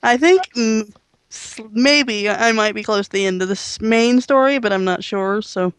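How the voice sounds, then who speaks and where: A woman's voice: fairly high pitch, a little slow, smooth, no room sound. A woman co-hosting a gaming podcast, chatting casually and laughing at herself. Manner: giggly, self-deprecating. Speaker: podcast co-host.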